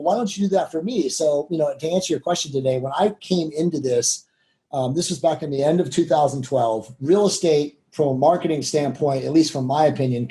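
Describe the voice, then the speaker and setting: A man's voice: mid-range voice, mellow, rough recording. A man, a guest entrepreneur, speaking candidly in a rambling way with many fillers about his life. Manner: rambling, heavy with "you know" fillers; candid and self-reflective. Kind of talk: casual interview storytelling.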